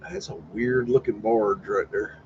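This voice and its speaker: A man's voice: lowish voice, steady tone, unhurried, darkish tone. A man hosting a live stream, chatting casually and loosely, swearing now and then. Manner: folksy, swears casually, retells chats in quoted voices. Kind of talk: casual rambling commentary. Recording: slightly dull, faint background noise.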